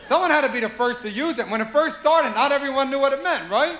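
High-voiced man doing stand-up in an echoey club. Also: quick pace, hardly any pauses. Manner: animated, shouting impressions of parents. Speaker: stand-up comedian. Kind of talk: stand-up comedy routine. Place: live comedy venue. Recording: echoey live room with noise. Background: audience laughter.

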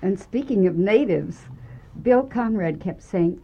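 An older woman with a husky, breathy voice joins in with stories and laughs often. She speaks slowly, and her pitch swoops up and down. The recording sounds a little dull. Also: expressive. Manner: laughing, chiming in. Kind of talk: chatty anecdotes in an interview.

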